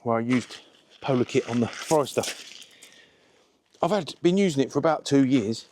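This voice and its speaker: A man chatting to camera while washing a car, relaxed and a little out of breath. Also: mid-range voice, a little hiss or hum. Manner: chatty, slow and unhurried, self-deprecating. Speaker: car detailing vlogger.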